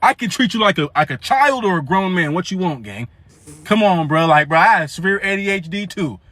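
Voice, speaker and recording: A young man with a high, bright-sitting voice tells a comedic story in animated, slangy bursts. He rambles and restarts mid-sentence. The recording is dry, with no room sound. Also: brisk, dry recording.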